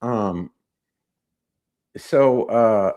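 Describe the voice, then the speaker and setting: A man with a fairly low voice hosts a live call-in podcast. He rambles loosely from one aside to the next in a brash, joking tone. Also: extremely slow, mellow. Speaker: podcast host.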